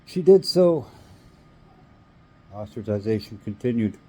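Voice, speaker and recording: A man's voice: lowish voice, expressive, unhurried, mellow, husky. A Canadian man ranting in an angry, emphatic monologue, swearing now and then.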